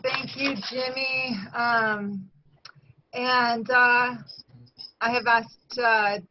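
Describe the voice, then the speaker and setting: A woman's voice: on the high side, steady tone, extremely slow, dull audio, music in the background. A woman chairing a recovery meeting, thanking people and moving things along in a friendly, slightly scattered way. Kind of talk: hosting a meeting.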